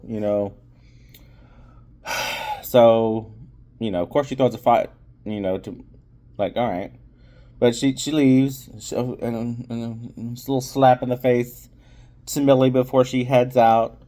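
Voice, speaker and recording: A man's voice: mid-range voice, slow, dark tone. A man giving a casual spoken movie review, rambling with lots of fillers and restarts.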